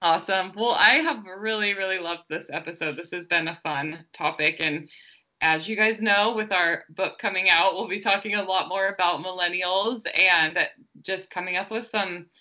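Bright, giggly millennial woman. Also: on the low side, moderate pace. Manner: giggly, laughs often. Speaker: podcast co-host. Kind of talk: casual chat.

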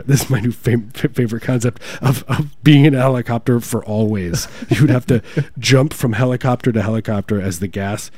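A man co-hosting a comedy podcast, piling up absurd ideas in casual, deadpan chat. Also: mid-range voice, a little fast, few pauses, no echo. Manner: absurd riffing, deadpan exaggeration. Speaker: podcast co-host.

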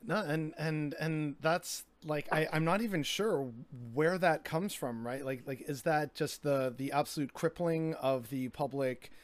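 A man's voice: a little high, a little slow, few pauses. A man in casual conversation, talking in a reflective, hesitant way with many fillers.

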